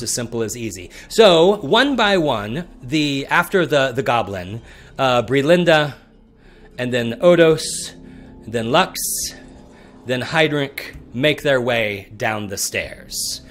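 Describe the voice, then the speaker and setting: A man running a tabletop game as dungeon master, narrating scenes slowly and descriptively, with some restarts. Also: mid-range voice, animated, faint music behind.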